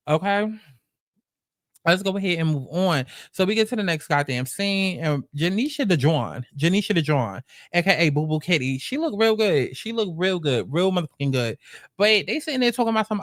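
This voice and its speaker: A man's voice: high voice, moderate pace, no room sound, studio quality. A young man from the Bronx with a New York accent, giving sassy, profane reality show recap commentary with mocking quotes. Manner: sassy, animated, profane storytelling with mock quotes. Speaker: commentary host.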